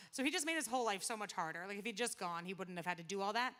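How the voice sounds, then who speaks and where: Bright-voiced woman preaching casually. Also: medium pitch, expressive, very fast. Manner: chatty and conversational, retells scripture in everyday slang with quoted asides. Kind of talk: casual sermon.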